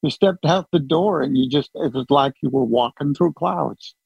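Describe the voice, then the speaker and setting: A man's voice: fairly high pitch, moderate pace, creaky, husky, no room sound, highs cut off. A man hosting a group call, chatting casually and joking at his own expense. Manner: chatty, joking, self-deprecating. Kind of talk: casual chat.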